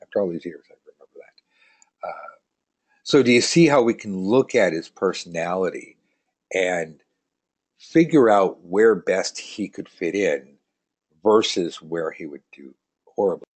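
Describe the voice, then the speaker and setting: Man, tarot teacher, live online lesson, chatty, joking, low voice. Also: animated, a little slow, pauses often, a little mellow. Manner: chatty, rambling, joking, reads out viewer comments.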